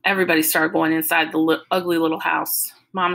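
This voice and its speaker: A woman reading a novel aloud in an expressive, lively storytelling manner. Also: sits low, fast talker, gravelly, poor audio. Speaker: audiobook reader.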